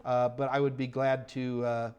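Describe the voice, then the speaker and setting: A man's voice: mid-range voice, little pitch movement, normal speed, a little mellow, clear, resonant tone, lo-fi sound. A middle-aged man hosting a live Q&A stream, rambling and chatty with lots of fillers and sudden bursts of enthusiasm. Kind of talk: casual live-stream Q&A chat.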